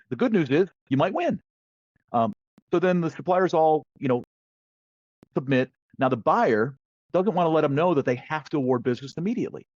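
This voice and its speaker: A man speaking as a guest in a podcast interview about negotiation, telling stories in a lively, conversational way. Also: fairly high pitch, fairly quick, no echo. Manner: lively storyteller who acts out quoted voices. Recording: dull, slightly lo-fi dry sound.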